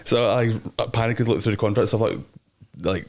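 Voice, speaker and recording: A young Scottish man chats fast in a low voice, slangy and rambling, laughing often as he tells stories. He speaks as a guest in a casual interview.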